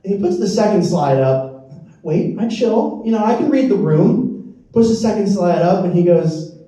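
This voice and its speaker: A man's voice: high voice, expressive, normal speed, warm tone. A young man doing a rambling, self-deprecating stand-up set on a comedy club stage. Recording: roomy, distant club recording. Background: audience laughter.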